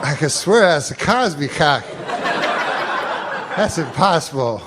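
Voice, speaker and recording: A man's voice: a little high, sing-song, a little slow, a loud crowd, very noisy. A man putting on the voice of a bewildered young woman calling out in mock panic. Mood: baffled. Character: bewildered young woman, drugged hotel guest.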